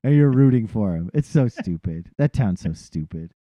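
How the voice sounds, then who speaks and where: A man's voice: lowish voice, expressive, normal speed, warm tone, no echo. A man from the Boston area co-hosting a sports podcast, ranting with lots of swearing and laughing through his words. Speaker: podcast co-host. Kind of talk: casual sports chat.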